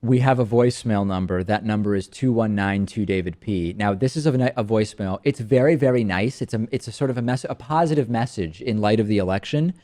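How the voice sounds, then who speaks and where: A man hosting a talk show, bantering in a wry, animated way with his co-host. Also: lowish voice, fairly quick, hardly any pauses.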